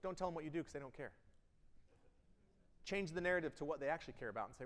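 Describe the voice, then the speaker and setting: Speaking fast in a somewhat high voice with lively intonation, this man delivers an energetic keynote to a room of listeners in an event hall and interacts with the audience. His delivery swings between loud, emphatic bursts on key lines and quiet intensity, and the big hall leaves a long reverb.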